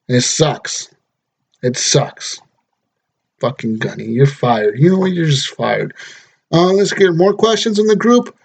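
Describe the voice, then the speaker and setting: A man's voice: a little high, darkish tone, highs cut off. A young man hosting a solo gaming podcast, ranting and joking with lots of swearing. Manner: profane, exasperated, joking. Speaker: podcast host.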